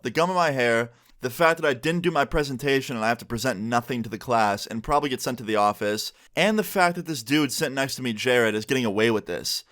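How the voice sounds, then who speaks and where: A young man vlogging a storytime, telling it in a lively, animated way with swearing. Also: mid-range voice. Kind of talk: storytime vlog.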